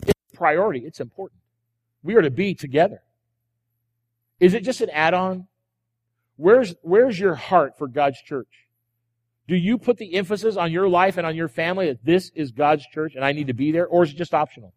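With a long reverb from the church sanctuary around him, a male pastor delivers an emphatic sermon, asking the congregation rhetorical questions and repeating key phrases. He speaks a little fast, in a slightly high, darkish voice.

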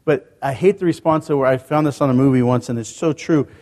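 A man's voice: medium pitch, fairly quick, mellow, long reverb tail. A male pastor preaching a sermon in a church, talking to the congregation in a conversational way with rhetorical questions. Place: church sanctuary.

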